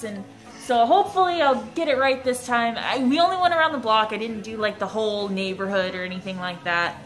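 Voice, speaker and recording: A woman's voice: fairly high pitch, a little fast, a bit bright. A young woman vlogging at home, chatting casually in a rambling, self-mocking way. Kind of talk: casual vlog chat. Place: at home indoors.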